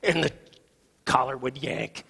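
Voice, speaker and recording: A husky middle-aged man preaches to his congregation. His voice carries a long reverb from a large hall, and he tells stories with sudden swings between soft and loud. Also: medium pitch, measured pace. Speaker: pastor. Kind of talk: sermon.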